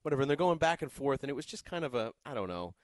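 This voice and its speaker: A man's voice: mid-range voice, rapid-fire, no room sound. A man co-hosting a sports radio show, chatting casually with lots of restarts. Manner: animated, rambling with many restarts. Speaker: co-host.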